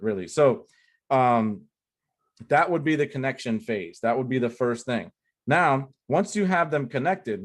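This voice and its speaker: A man teaching an online sales lesson at a whiteboard, talking loosely with lots of "like" and "right?" and repeating key phrases for emphasis. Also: medium pitch. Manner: loose and chatty, full of "like" and "right?" tags. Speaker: online marketing coach.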